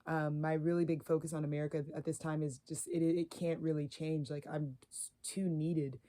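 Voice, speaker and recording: Woman, spiritual creator; meandering, filler-laden monologue, mellow tone, little pitch movement. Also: flat delivery, normal speed. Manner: filler-heavy, meandering, earnest.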